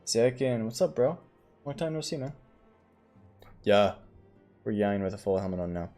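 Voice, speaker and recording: A man chatting casually while playing a game on stream. His remarks are offhand and jokey, in a mellow, relaxed tone. Game music runs quietly in the background. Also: fairly low pitch, normal speed, pauses often. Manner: offhand and joking. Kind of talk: casual gameplay commentary.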